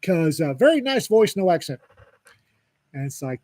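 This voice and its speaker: A man's voice: on the high side, big pitch swings, normal speed, long pauses, a little mellow. A man co-hosting a podcast, telling a story in a dry, wisecracking way during a casual chat. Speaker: podcast co-host.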